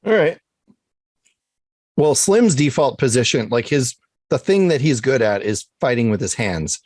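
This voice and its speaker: A player in a tabletop game, relaxed, explaining the rules to the others. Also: mid-range voice, unhurried, no echo, clean studio sound. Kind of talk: tabletop role-play chat.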